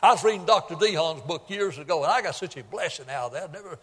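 An older man delivers a folksy sermon, swinging from loud emphatic peaks to low asides as he retells Bible stories. His voice sits high, and it rings with a long reverb from a large hall. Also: fast, breathy edge. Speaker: preacher.

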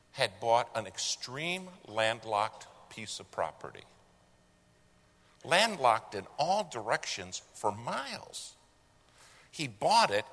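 A man tells a story live in a folksy, animated style, and his pitch swings widely. His voice is bright and forward. A long hall reverb trails each phrase over a faint hiss.

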